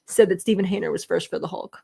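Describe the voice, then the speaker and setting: A woman's voice: medium pitch, fairly even intonation, fast, gravelly, warm tone, breathy edge. A woman, co-hosting a casual livestream and teasing her partner with blunt, profane humor. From Long Island, New York. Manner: brash, teasing, swears freely. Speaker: co-host of a livestream show.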